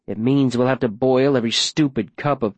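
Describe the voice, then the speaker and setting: A man's voice: medium pitch, a little fast, no echo, natural voice. A man doing a wry, weary ex-mayor. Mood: alarmed. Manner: wry and mocking, a bit raised. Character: weary, sardonic middle-aged male ex-mayor. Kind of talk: audiobook character voice.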